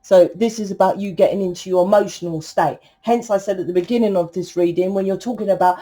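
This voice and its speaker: Brief: outspoken woman tarot reader, mellow dark tone, swears freely, lectures with force. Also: mid-range voice, steady tone, fast talker, hardly any pauses. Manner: blunt, swearing, preachy, emphatic. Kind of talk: collective tarot reading.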